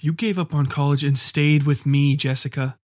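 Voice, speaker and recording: A man's voice: on the high side, normal speed, dry recording, clean studio sound, lightly acted. A man voicing a controlling, menacing husband who speaks in a demanding way. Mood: insistent. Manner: demanding, then eerily calm.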